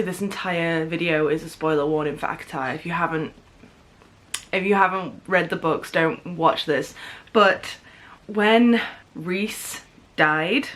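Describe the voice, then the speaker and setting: A young woman talks about books in a casual home vlog, chatty and gushing, with plenty of fillers. Her voice sits a little low for a woman. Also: a bit bright. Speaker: book vlogger. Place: home, in pajamas.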